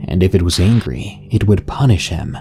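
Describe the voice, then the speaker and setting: A man narrating a scary story in a slow, even, scripted storytelling delivery. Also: low-pitched, soft background music.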